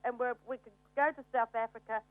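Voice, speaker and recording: A woman's voice: fairly high pitch, steady tone, quick pace, dry recording, soft background music. Gushing female caller on a tinny line. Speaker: radio caller. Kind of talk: casual phone call.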